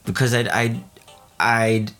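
Chatty laughing woman, slow rambling delivery. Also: rumbling low, steady tone, a bit bright, soft background music. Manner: chatty, rambling, laughs often, many fillers and restarts. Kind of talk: casual travel vlog chat.

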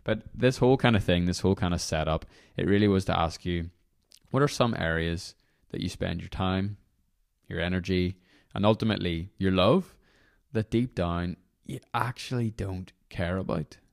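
A young man with a very low, deep voice hosts a devotional podcast. He talks in a loose, rambling way, apologizing for his tangents as he leads into guided prayer. The sound is dry and close-miked. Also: moderate pace, creaky, dry recording. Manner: casual, rambling, apologetic asides. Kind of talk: reflective podcast talk leading guided prayer.

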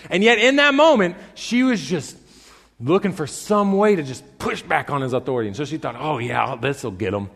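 A male pastor preaching a sermon in a church, telling stories with animated emphasis. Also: sits high, a little fast. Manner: animated storytelling, rising to emphatic peaks. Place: church sanctuary. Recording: long reverb in a church hall.

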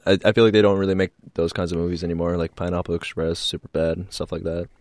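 A man's voice: low-pitched, flat delivery, quick pace, dry recording. A young man co-hosting a casual podcast chat, rambling with lots of fillers. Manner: rambling, full of fillers, loud acted-out movie quotes. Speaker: podcast co-host.

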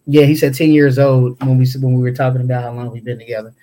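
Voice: medium pitch, level tone, quick pace, warm tone. A young parent chatting casually on a family livestream, rambling with lots of ums and restarts. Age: young adult.

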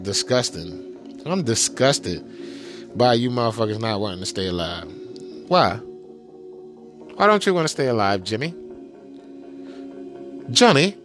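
A man hosting a podcast in a casual, profane, exasperated rant to his listeners. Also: mid-range voice. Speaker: podcast host.

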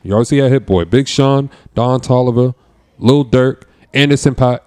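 A man arguing hip hop in a casual chat, pushy and animated. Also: mid-range voice, normal speed, clean tone. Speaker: podcast co-host.

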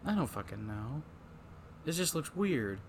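A man hosting a casual movie podcast, talking in an animated way, swearing often and acting out voices. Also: on the high side, measured pace, slight background noise. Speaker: podcast host.

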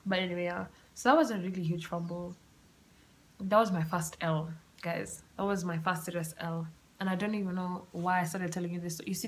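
A young woman, hosting a podcast and telling a personal story in a chatty, animated way with asides and laughter. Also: on the low side. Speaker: podcast host. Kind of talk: casual storytelling monologue. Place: home room with open windows.

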